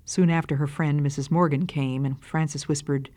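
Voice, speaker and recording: An earnest woman gives a devotional talk. She speaks gently and reads long passages from a memoir aloud. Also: low voice, steady tone, moderate pace, few pauses.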